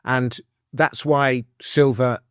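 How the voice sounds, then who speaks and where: A man's voice: medium pitch, slow pace, clean tone, no echo. Male guest, chatty and rambling, dry studio sound. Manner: animated, rambling, self-correcting. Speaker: guest, author and financial commentator. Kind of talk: conversational interview.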